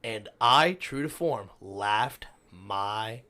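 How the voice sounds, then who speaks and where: A man's voice: on the low side, very slow. A man on a podcast, cursing freely and acting out the people in a rowdy story. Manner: profane, animated storyteller who acts out the people in his stories. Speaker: co-host. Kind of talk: casual podcast chat.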